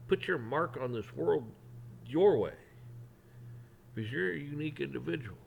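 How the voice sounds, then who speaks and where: A man's voice: a little high, expressive, moderate pace, gravelly, phone-quality sound, slight background noise. A man ranting on a vlog in a folksy, rambling, blunt way. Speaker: vlogger. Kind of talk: opinion rant.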